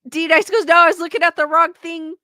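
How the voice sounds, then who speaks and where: Bright high-voiced chatty woman streamer. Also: steady tone, fairly quick, no echo, studio quality. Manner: chatty, giggly, quotes chat names aloud. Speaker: livestream host. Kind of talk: casual livestream chat reading comments.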